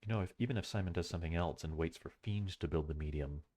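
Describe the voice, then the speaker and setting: Man, low pitch, casual game commentary, halting, thinking aloud. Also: mellow. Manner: thoughtful, hesitant, many fillers and self-corrections.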